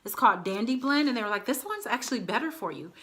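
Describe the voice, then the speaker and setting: A woman's voice: a little high, expressive, fast, fairly bright tone. A woman in her thirties chatting casually to her viewers as a vlogger, often calling them y'all. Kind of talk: casual chat to camera.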